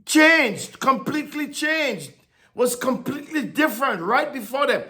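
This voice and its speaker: A man preaching a sermon, halting and repeating words, swinging from soft reflection to emphatic declarations. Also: very high voice, animated.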